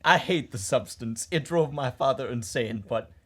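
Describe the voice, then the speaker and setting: A man voicing a genteel, old-fashioned gentleman who drinks scotch, in a tabletop role-play. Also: mid-range voice, normal speed, breathy edge. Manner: genteel, old-timey phrasing.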